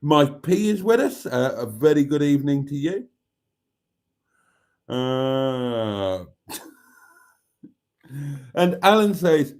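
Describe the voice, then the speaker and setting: A man's voice: medium pitch, very animated, slow, pauses often, darkish tone. Male live-stream host, casual and chatty, reads comments aloud.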